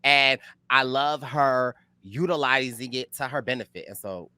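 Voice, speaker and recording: A man co-hosting a casual recap show, expressive and quick to laugh, with big jumps in pitch. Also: clear, resonant tone, dry recording. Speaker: podcast co-host.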